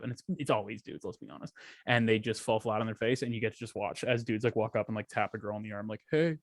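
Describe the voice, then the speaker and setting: A young man co-hosting a casual podcast chat, animated and profane, acting out little scenes as he talks. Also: medium pitch, dry recording, clean studio sound. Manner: animated, acts out quoted voices, swears a lot. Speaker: podcast co-host.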